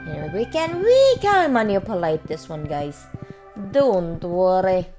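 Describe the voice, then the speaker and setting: A woman's voice: on the low side, very animated, a little slow, dark tone. A woman casually commenting on her own gameplay, chatting to herself and her viewers as she plays. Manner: chatty, talks to herself and viewers while playing. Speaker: gaming channel host. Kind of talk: casual let's-play commentary. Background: faint game music.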